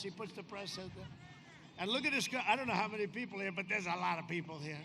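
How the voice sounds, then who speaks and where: A man in his seventies giving a rambling, boastful campaign rally speech outdoors, swinging from shouting to quieter confiding asides. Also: high voice, quick pace, vocal fry. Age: 70s. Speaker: politician speaking at a campaign rally. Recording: outdoor rally PA with crowd noise. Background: crowd ambience.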